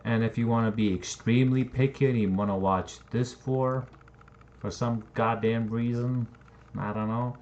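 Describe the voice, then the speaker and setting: A man's voice: mid-range voice, fairly even intonation, normal speed, a little mellow. A man building a game map and thinking aloud in casual, rambling commentary, swearing now and then. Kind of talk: casual screen-recording commentary. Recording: dull lo-fi mic with faint noise and typing.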